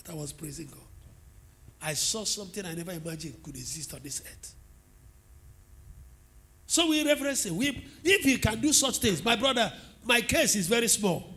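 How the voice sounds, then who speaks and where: A middle-aged man with a Nigerian accent, preaching a sermon as pastor and telling animated stories to the congregation. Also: high voice, normal speed, pauses often. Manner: animated storytelling preacher, asks the congregation questions.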